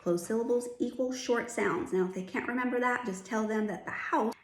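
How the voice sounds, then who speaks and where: A woman's voice: a little high, fairly quick. A middle-aged woman teaching phonics, patiently explaining and modeling vowel sounds. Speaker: reading teacher. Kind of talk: phonics lesson. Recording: echoey room.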